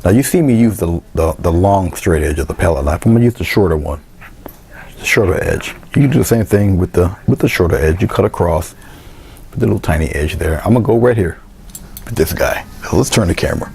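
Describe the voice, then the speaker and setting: A man casually talking through a painting demonstration step by step as an art instructor, trailing into quiet asides as he works. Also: deep voice, expressive, brisk, creaky. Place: indoor studio.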